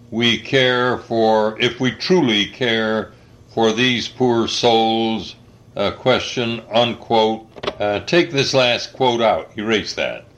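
An older man dictating an article slowly, saying the punctuation aloud, spelling out words, pausing often with uhs. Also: lowish voice, a bit bright, lo-fi sound. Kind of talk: slow dictation with spoken punctuation.

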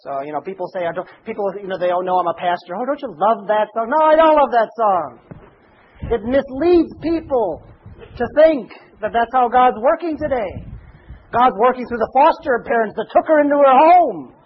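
A man preaching a sermon as pastor, reading scripture and swelling to shouts on key phrases, with folksy asides. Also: extremely high pitch, big pitch swings, moderate pace, highs cut off, a little hiss or hum.

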